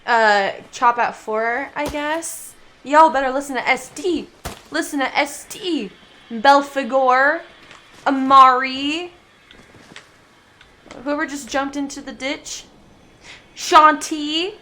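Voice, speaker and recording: Bubbly high-voiced woman streamer. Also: takes it slowly, long pauses, sharp tone. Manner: chatty, giggly, coos baby talk at her cat. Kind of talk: casual gaming livestream chat.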